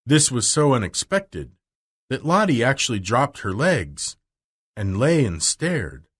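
Male narrator, husky voice, animated storybook reading for learners. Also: mid-range voice. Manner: slow, clear, expressive.

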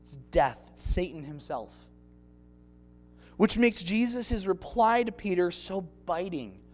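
Male pastor, expressive sermon delivery with acted-out scenes, higher voice. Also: slow.

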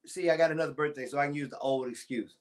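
Speaking very fast in a slightly high voice, a pastor in his 40s from Timpson, Texas shares a childhood story. It's a casual talk to viewers on his church's livestream.

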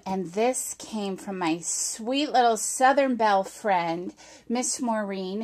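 Unhurried, excitable middle-aged woman crafting vlogger, high and very lively voice, gushing. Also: a little hiss or hum. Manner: gushing and excitable, with squeals of delight. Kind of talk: casual unboxing chat to camera.

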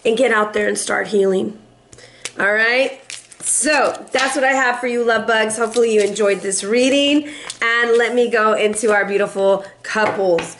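A woman's voice: a little high, normal speed, fairly bright tone, slight background noise. A middle-aged woman giving a casual tarot reading, chatty and playful, who acts out quoted voices and breaks into snatches of song. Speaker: tarot reader and life coach.

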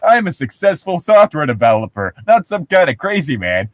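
A man reading aloud as a flustered male software developer who talks to a cat, in a plain read-aloud delivery. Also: a little high, very animated, normal speed, dry recording, voice pushed up.

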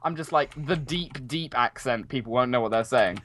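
A man's voice: mid-range voice, moderate pace. A young British man joking around in casual chat while playing a video game. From United Kingdom. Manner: playful, joking, excitable. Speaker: gamer.

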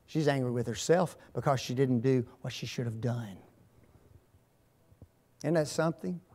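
A man's voice: medium pitch, moderate pace, darkish tone. A man speaking as a guest at a marriage seminar, asking the audience to fill in the blanks. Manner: asks fill-in-the-blank questions.

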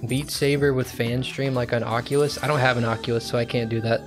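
A young man chatting casually as he streams a game, rambling and thinking out loud. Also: medium pitch, fairly even intonation, quick pace, music in the background. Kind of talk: casual gameplay commentary.

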